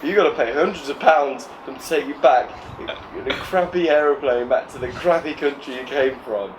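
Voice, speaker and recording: A man's voice: mid-range voice, fairly quick, noisy background. A young man, joking and bantering with family.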